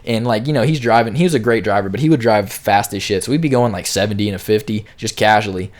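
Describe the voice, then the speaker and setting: A young man with a lowish voice rushes through a casual storytime, words tumbling out quickly. His telling rambles and is full of slang and swearing. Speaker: storyteller vlogger.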